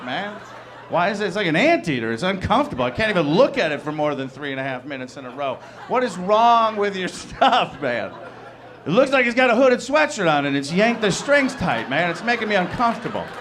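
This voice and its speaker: Man doing stand-up, incredulous and animated. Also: sits high. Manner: conversational, incredulous, acts out dialogue in quick bursts. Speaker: stand-up comedian. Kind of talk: stand-up comedy set. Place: comedy club stage.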